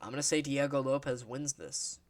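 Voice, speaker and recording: A man's voice: mid-range voice, fairly even intonation, brisk. A man giving a casual, blunt fight prediction in a vlog, swearing freely and sharing strong opinions. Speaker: MMA fight analyst.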